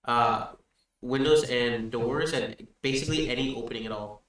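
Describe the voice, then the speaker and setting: A man plays a down-to-earth male stableman who answers questions with patient, folksy explanations. His voice sits in a middle register and carries the ring of a very echoey room. The mic is set back from him, and soft music plays underneath. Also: mid-range voice, moderate pace, recorded from a distance, lightly acted. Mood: explaining.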